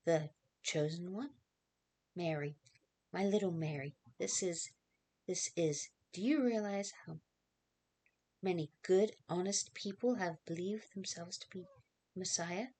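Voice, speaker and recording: A woman reading aloud as a devoted young male carpenter, gentle and earnest in a dramatic reading. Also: fairly low pitch, unhurried, long pauses. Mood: tender.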